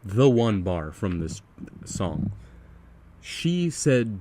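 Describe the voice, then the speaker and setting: A man's voice: on the low side, sing-song, very slow, dark tone, a little hiss or hum. A man hosting a podcast, chatting casually about music in an earnest way and asking leading questions. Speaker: podcast host.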